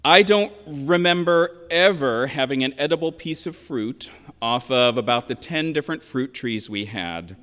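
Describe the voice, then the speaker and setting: A man in his sixties from western Pennsylvania, preaching a sermon as a pastor in a reflective, measured storytelling manner with emphatic quotations. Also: mid-range voice, fairly bright tone. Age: 60s. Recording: long reverb of a large hall.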